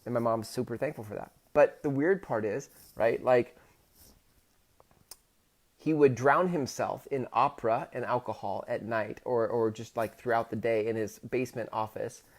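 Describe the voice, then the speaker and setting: A man in his thirties, a podcast host, telling a personal story in a halting way, with many restarts and rising emotion. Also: medium pitch. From Pacific Northwest of the US. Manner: halting, many restarts, gets loud and emotional when retelling.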